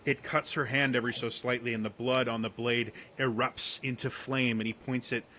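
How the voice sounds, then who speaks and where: A man running a tabletop fantasy game as game master. His voice sits at a middling pitch, and he narrates casually, with many fillers and restarts. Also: little pitch movement, normal speed, bright, forceful tone, slight background noise.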